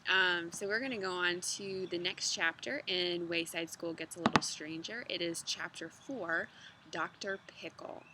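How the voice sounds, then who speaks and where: Relaxed woman reading a kids' book aloud. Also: fairly low pitch, unhurried, background noise. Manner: relaxed, chatty with fillers between reading. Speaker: storybook reader. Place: outdoors in a yard with dogs.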